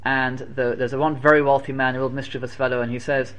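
A man giving a sermon, telling a story with animated repetition and Hebrew and Yiddish terms sprinkled in. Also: mid-range voice, fast. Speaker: preacher telling a Torah story.

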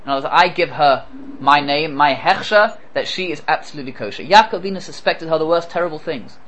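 A Torah teacher lectures on scripture quickly, his voice high, bright, and forceful. He quotes Hebrew verses and then translates them, and he asks rhetorical questions. The low-quality recording has a little hiss or hum.

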